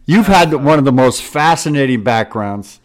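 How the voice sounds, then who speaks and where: A man's voice: mid-range voice, expressive, moderate pace. A middle-aged man co-hosting a podcast, easygoing and agreeable in casual chat. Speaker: podcast co-host.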